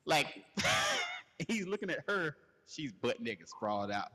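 A man hosting a podcast, telling a crude comedic story in a loose, animated way and laughing as he goes. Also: on the high side, slow, slightly rough. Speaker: podcast host. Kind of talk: casual comedic storytelling rant. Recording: long hall reverb.

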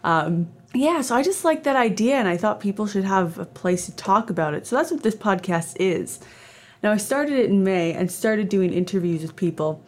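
A Canadian woman in her twenties hosts a casual solo podcast, chatting and rambling with plenty of fillers and self-deprecating asides. Her mid-range voice is animated and moves at a moderate pace.

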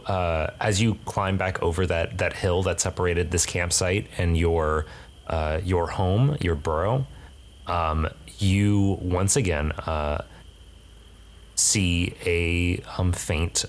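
A man narrating as game master for a tabletop game, halting and searching for his words as he describes each scene. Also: deep voice.

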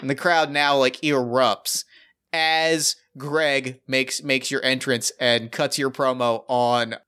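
A man's voice: mid-range voice, flat delivery, takes it slowly, sharp tone, clear, resonant tone. A man running a tabletop wrestling game as game master, narrating in a loose, rambling way full of fillers and restarts.

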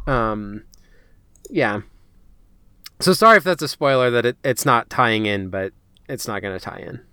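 A man co-hosting a podcast in casual chat, animated and full of filler words and quick asides. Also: medium pitch, clear, resonant tone, no echo. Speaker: podcast co-host.

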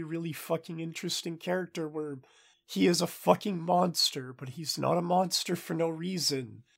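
A relaxed man co-hosts a casual chat. His voice is gravelly and husky. He swears easily and explains things at length. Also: on the high side. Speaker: podcast co-host.

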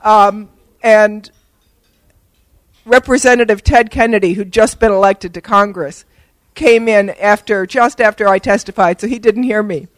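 A woman's voice: medium pitch, unhurried, no room sound, low-quality recording. Older woman, wry storyteller accepting an award, dry close sound. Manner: humorous, self-deprecating storyteller with fillers. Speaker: award recipient and disability advocate. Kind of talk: acceptance speech with anecdotes.

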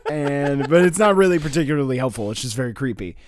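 A man's voice: medium pitch, expressive, fast talker. A man in casual chat, brainstorming a story, rambling with many fillers and swearing as he acts out characters' lines.

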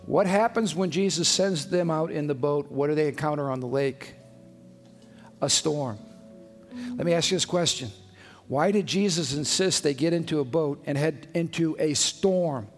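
A man's voice: on the high side, normal speed. A male pastor preaching a sermon with emphatic, conversational delivery and frequent rhetorical questions. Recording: long hall reverb, faint music behind.

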